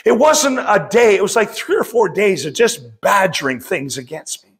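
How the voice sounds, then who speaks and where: High-voiced gravelly fervent preacher man. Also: sing-song, moderate pace. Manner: impassioned preaching, often calling out to the congregation. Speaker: pastor. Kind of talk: sermon.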